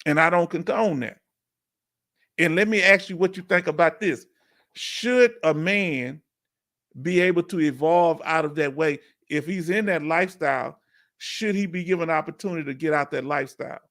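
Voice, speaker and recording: A man hosting a live stream, chatting casually and asking viewers questions with drawn-out emphasis. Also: fairly high pitch, fairly bright tone.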